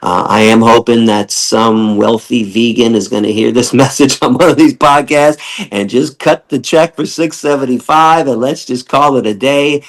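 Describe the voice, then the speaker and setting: A middle-aged man with a gravelly, rough-edged voice, talking with blunt passion. He curses freely and leaps up in pitch whenever he acts out the people he quotes. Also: normal speed. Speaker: podcast guest, animal rights activist. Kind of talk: casual interview talk.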